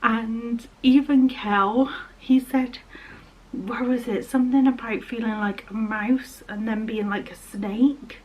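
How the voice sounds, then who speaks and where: A young woman vlogging about the book she is reading, chatting casually and softly, at times dropping to a whisper, in a room at home. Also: on the high side, steady tone, takes it slowly, poor audio. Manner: soft-spoken, slips into a whisper at times. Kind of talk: casual chat and reading aloud.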